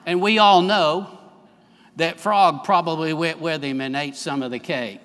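Middle-aged pastor man preaching, gets loud then quiet, bright voice, echoey hall. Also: fairly high pitch, fairly even intonation, unhurried. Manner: emphatic preaching with big swings in loudness. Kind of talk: sermon. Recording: long church hall reverb.

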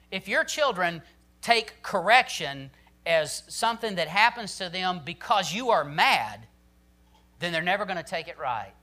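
A man's voice: on the high side, sharp tone. A man preaching a sermon on parenting, emphatic, often saying "listen" and "I'm telling you".

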